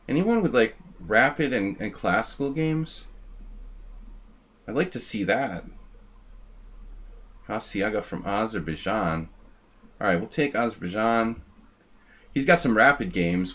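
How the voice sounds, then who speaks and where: A man streaming live chess, chatting loosely to his viewers. He rambles from one thought to the next, thanking people by name in a relaxed, mid-pitched voice. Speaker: chess streamer hosting a simul. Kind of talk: casual live-stream chat.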